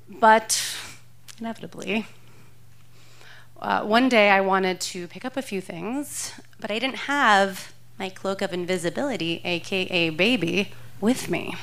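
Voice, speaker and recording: A woman's voice: mid-range voice, lively intonation, normal speed, pauses often, fairly bright tone. Wry woman telling a story on stage. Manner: wry, self-mocking, often laughing. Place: theater stage before a live audience.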